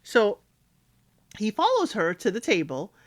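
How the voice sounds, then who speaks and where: Animated woman recapping reality TV. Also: mid-range voice, a little slow. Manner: animated, acts out cast members' lines. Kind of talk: casual recap commentary.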